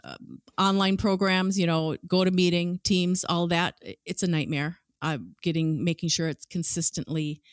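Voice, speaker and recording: A woman's voice: fairly low pitch, normal speed, no echo. A woman co-hosting a podcast, talking in an enthusiastic, conversational way. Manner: enthusiastic, laughs easily, conversational. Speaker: podcast co-host. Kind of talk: casual podcast chat.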